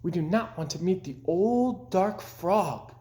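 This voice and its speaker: A man's voice: high voice, expressive, a little slow, warm tone, pitched above the performer's own voice. A man playing an anxious mother frog. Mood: worried. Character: worried mother frog, female. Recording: roomy echoing room.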